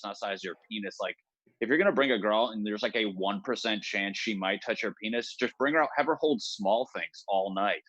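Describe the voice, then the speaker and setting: A man's voice: fairly low pitch, fairly bright tone, no room sound, dull audio. A man in his thirties doing a crude, rambling, self-mocking stand-up set over a video call. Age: 30s. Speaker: stand-up comic. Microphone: home setup on a video call.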